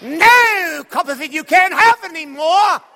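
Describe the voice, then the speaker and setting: A man puts on a stern Dickensian master, shouting and scolding. The voice sits high and sharp, and it rings with the long reverb of a large hall. It booms out refusals in a blustering, theatrical manner. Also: animated, a little slow, a faint crowd, full character voice. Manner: booming, scolding.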